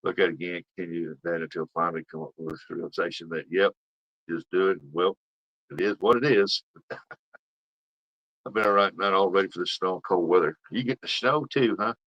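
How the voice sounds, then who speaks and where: A man's voice: sits low, brisk, dull audio. A middle-aged man, rambling through fishing stories as he chats with viewers on his livestream. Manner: folksy rambling storyteller. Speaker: livestream host. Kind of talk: casual chat with viewers.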